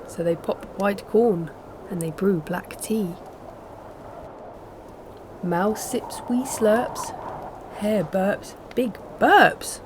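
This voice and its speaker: A woman's voice: mid-range voice, animated, slow pace. A woman reading a picture book aloud as a storyteller, rhythmic and playful in a sing-song way. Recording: noisy background.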